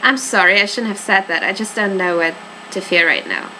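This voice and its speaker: A woman's voice: medium pitch, brisk, sharp tone, slight background noise, natural voice, poor audio. A woman reading a curt, defensive nightclub worker. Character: young woman working in a nightclub, defensive, sharp-tongued.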